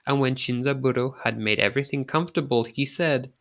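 A man giving a scripted narration of a folk tale in a measured, unhurried reading. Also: medium pitch, creaky, a bit bright. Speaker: storyteller.

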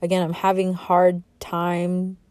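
A woman's voice: fairly low pitch, monotone, takes it slowly, a little mellow, no room sound, clean studio sound. A woman in her twenties hosting a solo podcast, talking in a candid, rambling, heartfelt way about herself and her feelings. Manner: rambling, heartfelt, self-reflective, with laughs. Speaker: podcast host.

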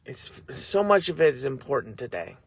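A man hosting a faith podcast, reading scripture and speaking in an earnest, measured, reflective way. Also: mid-range voice, sing-song, gravelly, breathy edge, no room sound. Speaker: podcast host.

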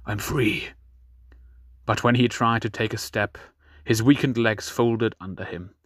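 A man narrating a fantasy audiobook in a steady, measured storytelling manner. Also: on the low side, no echo, clean studio sound.

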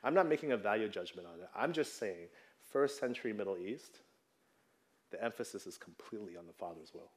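A man's voice: fairly low pitch, lively intonation, a little fast. A man in his thirties preaching a sermon in a conversational way, often checking in with the congregation. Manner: conversational, tags lines with "right?". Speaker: pastor.

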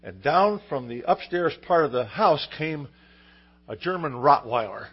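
A man's voice: a little high, lively intonation, unhurried, husky, dull audio. A man preaching a sermon, telling a story in an easygoing way, with fillers and restarts. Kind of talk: sermon with a told joke story.

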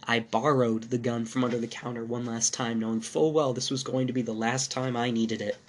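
A male podcast host narrating a first-person horror story in a measured, dark manner. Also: mid-range voice, flat delivery.

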